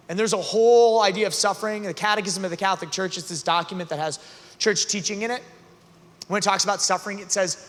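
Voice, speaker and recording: A man gives an earnest youth talk in a high, bright voice, shifting from casual asides to loud, emphatic passages. His voice rings through a large arena with a long reverb tail. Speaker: youth conference speaker.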